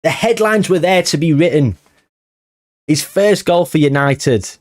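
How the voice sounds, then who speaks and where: A man giving excited, swearing commentary on a football management game he is playing. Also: a little high, a little slow. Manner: animated, swearing, shouting at the match. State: out of breath. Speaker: gaming streamer.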